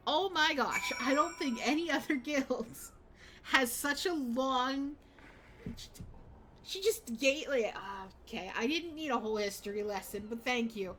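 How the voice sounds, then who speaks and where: A woman's voice: high-pitched, animated, a little slow, fairly bright tone, a little hiss or hum. A woman streamer casually commenting on a game, chatty and laughing, often stopping herself mid-sentence. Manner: chatty, laughing, self-interrupting. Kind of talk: casual let's-play commentary.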